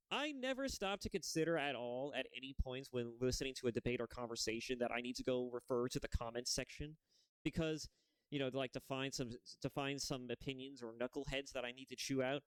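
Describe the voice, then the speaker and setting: A man's voice: mid-range voice, clear, resonant tone, no room sound. A man hosting a reaction video, talking in a rambling way full of restarts and self-corrections. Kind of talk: casual video commentary.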